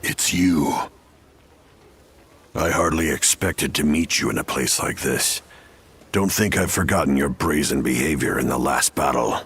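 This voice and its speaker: Brief: a proud game warlord, very low and slow, husky, menacing. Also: male voice, a bit bright, soft background music, heavily acted. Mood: hostile. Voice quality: very deep, husky voice. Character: fearsome, proud male warlord, grown man. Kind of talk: game voice acting.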